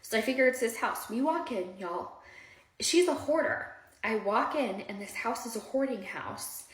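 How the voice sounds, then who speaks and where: With a fairly high voice and lively intonation at normal speed, a woman casually shares her personal history with viewers. She rambles with heartfelt warmth, using many fillers and asides to her audience, and the recording has a roomy echo.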